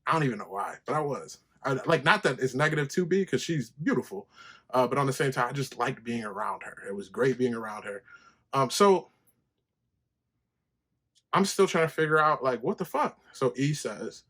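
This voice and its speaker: Animated, profane man telling a story. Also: moderate pace, slightly rough. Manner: animated storytelling, profane, jumps to high pitch when quoting himself. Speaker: podcast host. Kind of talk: casual solo podcast monologue.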